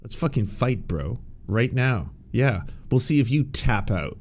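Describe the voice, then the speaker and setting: A man's voice: mid-range voice, lively intonation, measured pace, a little mellow. A man doing an impression of a macho podcaster, taunting and profane, daring someone to fight. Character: aggressive macho male podcaster taunting a guest.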